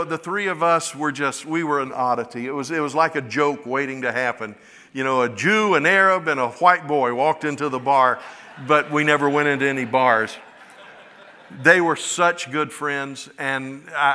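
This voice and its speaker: A man's voice: medium pitch, normal speed, pushed and bright, smooth. A middle-aged man from West Florida, preaching a sermon, often rising to emphatic, impassioned cries. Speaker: pastor. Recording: long hall reverb.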